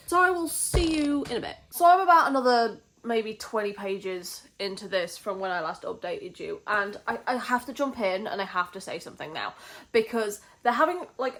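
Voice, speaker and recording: A woman's voice: mid-range voice, fairly bright tone. A young British woman chatting casually in a book vlog, swearing freely and ranting with mock outrage. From Britain. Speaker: book vlogger.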